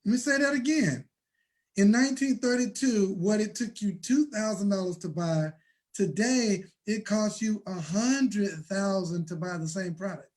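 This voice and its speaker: A man hosting a motivational money talk, preaching and building to shouts. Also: high voice, moderate pace. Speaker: host.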